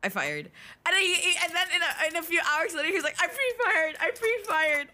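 A woman's voice: extremely high pitch, very animated, fast, bright, forceful tone. A woman streamer chatting casually and crudely during a gaming stream, breaking into shrieking laughs.

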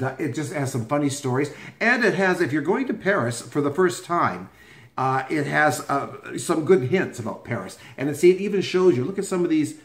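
A man talking through his reading pile on a home video blog, chatty and teasing as he rambles along. His pitch swings up and down as he talks. The sound bounces around a roomy, echoey space. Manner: chatty, playful, teasing and rambling, addresses viewers and an absent author directly. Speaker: book vlogger. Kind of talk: casual video blog book review.

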